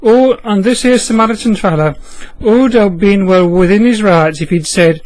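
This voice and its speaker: Man, Yorkshire accent, folksy storyteller, broad dialect, high voice, dry recording. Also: moderate pace, darkish tone, dry recording, rough recording. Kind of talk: Bible story told in dialect.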